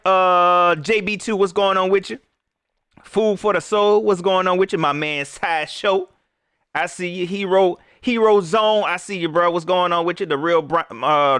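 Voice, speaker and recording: A young man hosting a live stream, chatting casually and giving loose, slangy shout-outs to viewers. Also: fairly high pitch, no room sound, clean studio sound. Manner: loose, slangy, rambling, lively.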